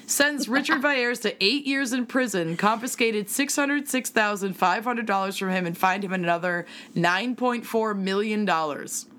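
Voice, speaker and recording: A woman's voice: mid-range voice, moderate pace, few pauses, a bit bright. Casual swearing woman telling a crime case. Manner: casual, swears freely, reads case details with asides. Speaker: podcast co-host telling a case. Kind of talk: casual podcast storytelling.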